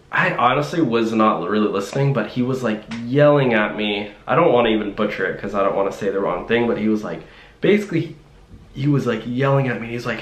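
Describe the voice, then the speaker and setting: A man's voice: lowish voice, brisk. A young man telling a story to camera in a rambling, casual way, full of fillers and restarts. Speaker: vlogger. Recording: roomy echo.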